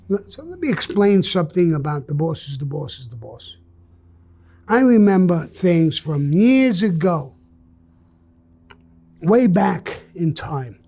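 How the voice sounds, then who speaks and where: A man's voice: high voice, sing-song, slow, gravelly, pauses often, a little mellow, husky. An older man telling his story in a candid interview, blunt and profane with emphatic bursts.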